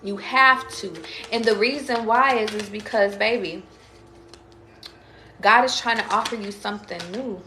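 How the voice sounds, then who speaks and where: This tarot reader speaks in a steady, unhurried, medium-pitched voice during her casual livestream reading. She chats emphatically, swears without restraint and names viewers directly, all in an echoey room with faint background noise.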